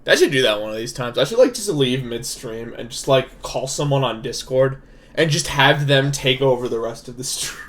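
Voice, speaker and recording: A man's voice: mid-range voice, lively intonation, normal speed, long pauses, fairly bright tone. A young man casually commenting on a game during a live stream, swearing freely and chuckling to himself. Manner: loose, swearing, chuckling asides.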